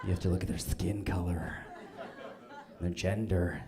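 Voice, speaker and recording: A man performing a stand-up set, mocking and animated. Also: sits low, a little slow. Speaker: stand-up comedian. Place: comedy club stage. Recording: club set with crowd noise. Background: audience crowd.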